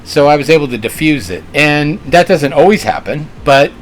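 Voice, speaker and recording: A man's voice: on the high side, sing-song, normal speed, slight background noise. A man who co-owns a restaurant, telling stories in a casual interview with an earnest manner and lots of fillers and restarts. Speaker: restaurant co-owner.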